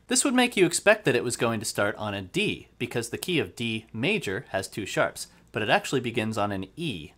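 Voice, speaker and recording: A man's voice: medium pitch, sing-song, a little fast, few pauses, fairly bright tone. A man teaching accordion who explains methodically and counts beats aloud. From United States. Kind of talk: instructional music lesson. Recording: accordion playing throughout.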